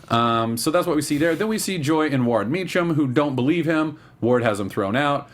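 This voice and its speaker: Brief: young male co-host, animated, joking, lively pitch swings. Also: moderate pace, few pauses. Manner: animated, jokey, acts out quotes in high voices. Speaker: podcast co-host. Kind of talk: casual chat.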